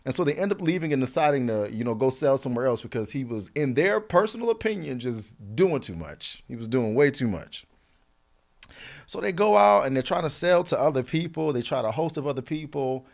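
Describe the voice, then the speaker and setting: A man talking straight to the camera in a casual, chatty way. He retells a story playfully and keeps turning to the viewer with quick asides. His voice sits at a middling pitch. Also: sing-song, gravelly. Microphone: camera mic.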